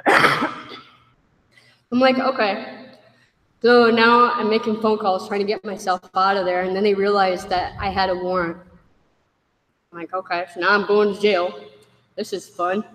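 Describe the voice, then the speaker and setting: A woman's voice: medium pitch, flat delivery, a little slow, pauses often, fairly bright tone. A woman giving a candid personal testimony to a group, wry at her own past and acting out the voices of others as she tells it. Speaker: speaker sharing a recovery story. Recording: echoey hall.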